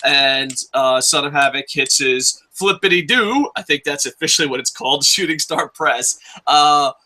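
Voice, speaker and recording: Bright-voiced excitable man. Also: on the high side, normal speed. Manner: excitable, profane, jokey, shouts in bits. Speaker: wrestling review host. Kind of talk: casual podcast chat.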